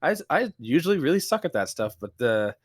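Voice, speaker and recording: A man co-hosting a podcast in casual chat, telling stories in an animated way with lots of restarts and fillers. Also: on the high side, quick pace, breathy edge, dry recording, studio quality. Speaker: podcast co-host.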